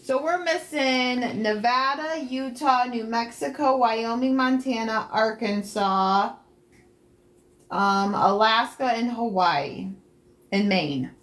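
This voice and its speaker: A woman's voice: a little high, slow, a bit bright. A woman co-hosting a casual livestream, chiming in with brief, matter-of-fact remarks. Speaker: livestream co-host.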